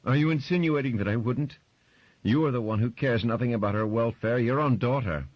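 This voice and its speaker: A man voicing a shrill, bitter middle-aged mother who accuses everyone around her, in a dry, slightly muffled recording. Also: brisk, no room sound, natural voice. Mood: accusing.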